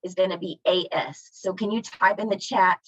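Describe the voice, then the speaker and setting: A woman teaching Spanish over a video call speaks with a low, fairly bright voice, fairly even intonation and moderate pace. The audio is dull and lo-fi with no room sound, and she's encouraging, questioning students and praising what they say.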